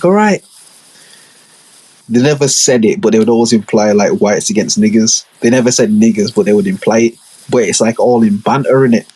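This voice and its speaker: A man's voice: on the low side, darkish tone, slightly rough. A young man, hosting a podcast and telling long, rambling stories in casual slang, with many asides. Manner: slangy, rambling, full of asides and acted-out quotes. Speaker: podcast host. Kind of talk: casual storytelling monologue.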